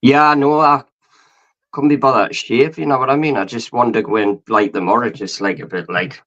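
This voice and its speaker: Hoarse, hung-over man on a lo-fi call. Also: medium pitch, steady tone, normal speed, fairly bright tone. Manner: rambling, rough and hung over. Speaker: guest. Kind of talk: casual chat.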